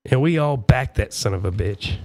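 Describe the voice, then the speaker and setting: A man's voice: medium pitch, expressive, normal speed, dark tone, slight background noise. A man hosting his own talk show, ranting in a profane, sarcastic and rambling way. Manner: rambling with fillers and asides. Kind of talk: political rant.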